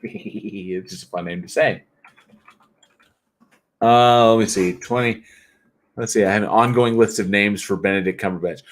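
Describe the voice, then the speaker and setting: A man's voice: lowish voice, fairly even intonation, moderate pace, pauses often. A tired man hosting a casual livestream, reading out viewer comments in a chatty, jokey way and often laughing. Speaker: livestream host.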